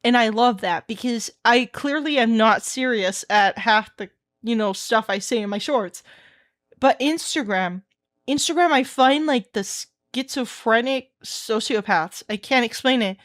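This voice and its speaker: Bright high-voiced female streamer, lively casual storytelling with frequent laughter. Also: measured pace. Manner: animated storytelling, laughs often. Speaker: VTuber streamer. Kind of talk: casual live-stream chat.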